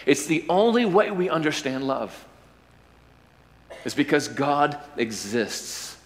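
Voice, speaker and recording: A man's voice: on the high side, sing-song, slight background noise. Man preaching in a reverberant hall. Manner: emphatic preaching with slow, drawn-out stresses and rhetorical questions. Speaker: pastor. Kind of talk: sermon.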